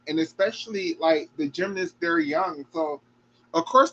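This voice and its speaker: Emphatic man reacting, voice on the high side. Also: a bit bright, lo-fi sound, a little hiss or hum. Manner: emphatic, emotional, swearing freely. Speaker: reaction show host. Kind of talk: emotional reaction commentary.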